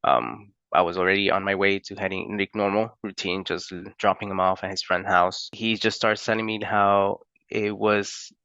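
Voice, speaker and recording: Young guy from florida, low gravelly voice but bright, halting story with lots of ums. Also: little pitch movement, no room sound, muffled recording. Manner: unhurried, halting with many fillers. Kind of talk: personal storytelling to camera.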